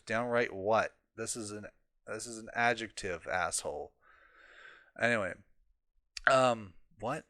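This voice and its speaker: A man's voice: on the low side, unhurried, long pauses, sharp tone, no room sound. A man ranting heatedly as he reads an article aloud for his commentary vlog, swearing often and mocking its author. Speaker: political commentary vlogger. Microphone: home desk microphone.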